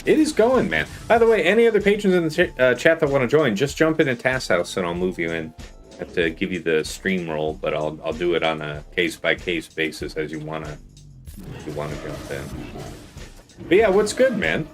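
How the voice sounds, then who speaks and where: A man's voice: low-pitched, sing-song, a little fast, soft background music. A man hosting a live gaming stream, chatting casually with guests while he plays. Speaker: streamer host.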